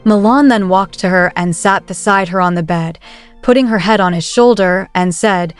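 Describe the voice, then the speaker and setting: Female recap narrator, scripted storytelling, steady delivery over soft music. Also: medium pitch, moderate pace, clean tone. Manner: steady, even reading of every part.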